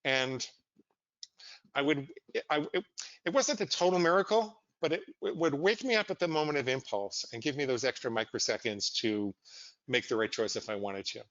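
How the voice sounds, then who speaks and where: A man speaks as a psychologist guest, telling his story candidly with animated, self-deprecating humour. His voice sits at a middle pitch, and the sound is dry and slightly dull. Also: moderate pace, dry recording. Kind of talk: conversational interview storytelling.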